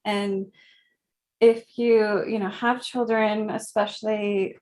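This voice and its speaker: A woman in her thirties, a guest in an interview, speaking gently and reflectively, with frequent soft laughs. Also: mid-range voice, flat delivery. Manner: slow, gentle, reflective, laughs softly often. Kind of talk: conversational interview.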